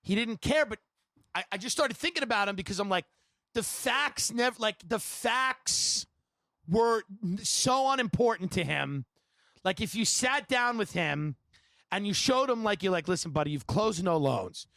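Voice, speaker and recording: Man, comic storyteller, bright high voice, dry close mic, rambling and laughing. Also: lively intonation, no echo. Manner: rapid, rambling anecdotes with laughter and impressions. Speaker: podcast host. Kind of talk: comedic storytelling.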